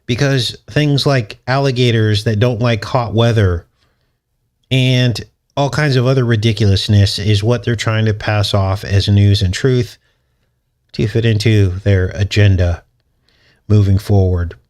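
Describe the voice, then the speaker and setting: A man's voice: on the low side, fairly even intonation, measured pace, a little mellow. A man hosting his channel, talking through a casual commentary monologue in a sarcastic, mocking way and chuckling often. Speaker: channel host.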